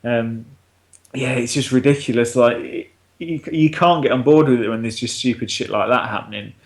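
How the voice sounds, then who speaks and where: A man in loose, casual podcast chat. He swears freely, laughs often and slips into quoted dialogue as he retells scenes. His voice sits at a middle pitch. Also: moderate pace. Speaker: podcast co-host. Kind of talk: casual film review chat.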